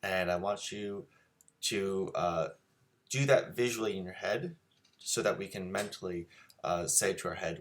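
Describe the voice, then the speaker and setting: Male art teacher hosting a live stream, deep voice, relaxed and rambling with fillers. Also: normal speed. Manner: easygoing, filler-heavy, chatty with viewers. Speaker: drawing teacher and show host. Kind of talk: casual live-streamed drawing lesson.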